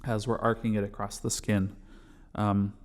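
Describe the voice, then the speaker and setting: A man teaching a bodhrán class, patiently explaining strokes step by step and calling them out loudly as he plays. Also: on the low side, flat delivery, normal speed. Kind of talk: music lesson, counting along with drumming.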